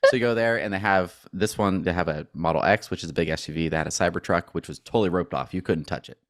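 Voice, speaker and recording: A man talking casually on a podcast, telling stories with lively acted-out back-and-forth exchanges. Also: low voice, fast, no room sound, studio quality. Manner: animated storyteller who acts out both sides of conversations. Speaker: podcast co-host.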